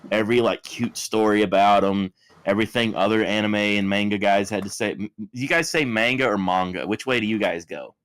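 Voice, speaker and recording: A man's voice: fairly low pitch, fairly quick, fairly bright tone, smooth. A man co-hosting a casual podcast, rambling with frequent restarts. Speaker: podcast co-host.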